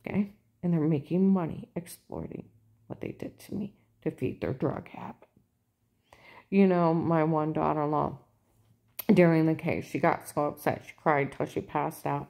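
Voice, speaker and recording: A woman in a casual monologue, insistent and repetitive, turning loud and emphatic. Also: sits low, measured pace. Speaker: vlogger.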